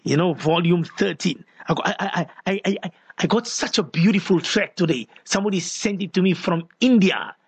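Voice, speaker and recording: A man's voice: high voice, moderate pace, slightly rough. A man hosting a live radio call-in show, playful and coaxing, stretching words for emphasis. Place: radio studio.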